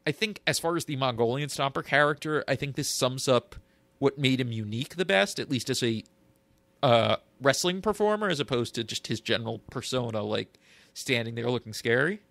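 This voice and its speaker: Podcast cohost guy, bright voice, thinks out loud with lots of uh's, dead dry room. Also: mid-range voice, gravelly, no echo. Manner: thoughtful, halting with fillers as he recalls details. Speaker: podcast co-host. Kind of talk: casual podcast chat.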